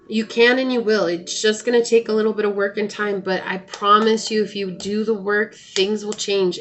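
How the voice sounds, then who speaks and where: A woman in a tarot reading, speaking softly and encouragingly to her viewers as she reads out card messages. Her pitch sits in a middling range. Faint music plays quietly underneath. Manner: soothing, encouraging, reads card texts aloud. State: hiccuping. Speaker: tarot reader.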